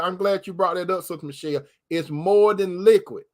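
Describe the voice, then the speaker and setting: A man hosting an advice talk in a preacherly way, calling listeners brother and stretching key words slowly. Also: sits high. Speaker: host giving relationship advice. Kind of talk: preacherly advice talk reading viewer comments.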